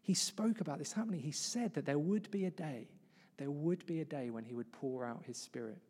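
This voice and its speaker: A man's voice: fairly high pitch, a little fast, darkish tone, breathy edge. Man preaching in a reverberant church. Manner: conversational, acts out quoted voices. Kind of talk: sermon. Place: church hall.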